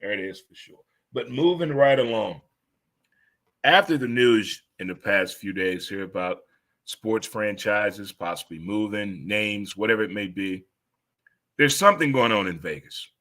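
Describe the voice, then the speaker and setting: A man in his fifties takes his time riffing through a casual sports talk monologue, his voice bright and forceful. He wanders and exclaims, now and then leaping into sudden high-pitched outbursts.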